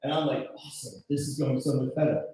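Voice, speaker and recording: A man doing a stand-up set, telling stories loudly with shouted punchlines and mimicked voices. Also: medium pitch, fast. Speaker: stand-up comedian. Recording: echoey, distant live recording.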